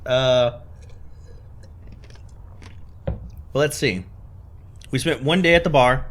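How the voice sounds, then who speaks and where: A man's voice: mid-range voice, slow, a little hiss or hum. A man co-hosting a let's play, casually thinking aloud about the game. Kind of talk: casual gameplay chat.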